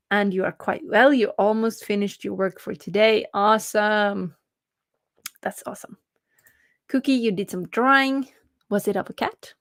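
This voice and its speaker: A woman's voice: medium pitch, dry recording, clean studio sound. A young woman from Norway chatting casually on a live stream, reading chat messages aloud and laughing often between hesitant fillers.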